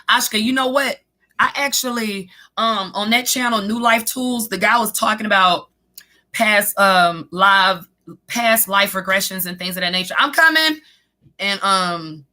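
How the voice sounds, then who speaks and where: A woman's voice: mid-range voice, bright, forceful tone. A young woman hosting a live stream, chatting casually with viewers in a rambling, profane way and laughing often. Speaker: live stream host and tarot reader. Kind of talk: casual live stream chat reading comments.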